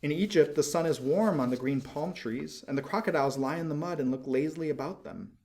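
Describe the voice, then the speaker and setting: A man's voice: a little high, fairly quick, darkish tone, lightly acted. A man voicing a tender little swallow. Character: kind devoted small male swallow bird.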